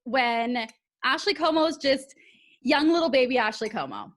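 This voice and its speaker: A woman's voice: high voice, measured pace. A young woman hosting a podcast, chatting with a guest in an upbeat, gushing way and laughing often. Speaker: podcast host. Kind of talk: casual interview chat.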